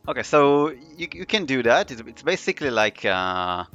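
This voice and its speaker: A man running a tabletop game as game master, narrating in a relaxed way with many fillers. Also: mid-range voice, moderate pace, muffled recording, faint music behind.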